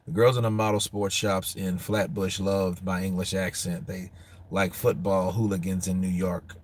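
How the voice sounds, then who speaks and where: A man's voice: deep voice, little pitch movement, moderate pace, slight background noise. A man hosting a boxing show, chatting casually and telling loose, profane stories with frequent laughs. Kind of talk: casual live-stream chat.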